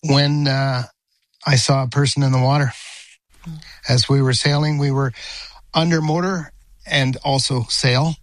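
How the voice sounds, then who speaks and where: Man in his 60s, retired pilot, news interviewee, measured, hesitant, dry sound. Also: mid-range voice, flat delivery, no room sound, rough recording. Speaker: retired airline captain, interviewee.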